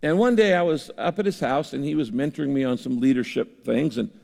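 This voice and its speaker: A man's voice: mid-range voice, fairly quick, creaky, darkish tone. Earnest man preaching in a reverberant hall. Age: older. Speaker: pastor. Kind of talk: sermon.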